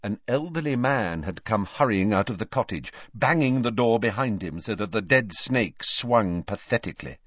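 Lively male storybook narrator. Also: fairly low pitch, moderate pace, hardly any pauses, no room sound. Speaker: audiobook narrator. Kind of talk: scripted narration. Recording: dull dry lo-fi recording.

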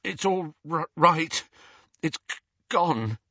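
A man's voice: fairly low pitch, lively intonation, moderate pace, a bit bright, no echo, muffled recording. A man voicing a nervous teenage boy who murmurs shakily in an audiobook. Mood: shaky. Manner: murmuring, shaky.

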